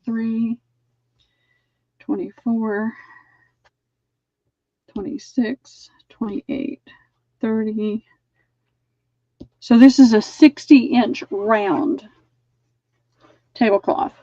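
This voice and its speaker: A woman's voice: on the high side, fairly even intonation, slow pace, long pauses, warm tone, no room sound, dull audio. A woman hosting a live online sale, chatting as she measures and describes items. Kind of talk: live-streamed sale pitch.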